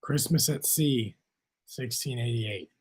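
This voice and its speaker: Brief: man, matter-of-fact narrator announcing songs, loud clicks on the track. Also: medium pitch, slow, heavy background noise. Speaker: channel host narrating a music history video. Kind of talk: brief announcements of song titles and years.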